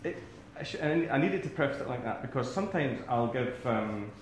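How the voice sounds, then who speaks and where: A man's voice: mid-range voice, expressive, brisk, a little hiss or hum. Rambling Scottish man speaking in an echoey room. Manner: rambling, self-deprecating, many restarts. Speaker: academic speaker. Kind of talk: lecture to a live audience.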